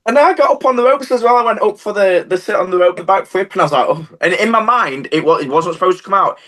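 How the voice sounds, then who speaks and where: A man's voice: high voice, lively intonation, quick pace, a bit bright. A man telling stories in casual podcast chat, rambling with lots of fillers and poking fun at himself. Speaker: wrestler, podcast guest.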